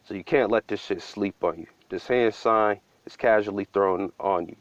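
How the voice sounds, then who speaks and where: A man's voice: fairly low pitch, moderate pace, dry recording, muffled recording. A man giving a profane, conspiratorial commentary breakdown of a video.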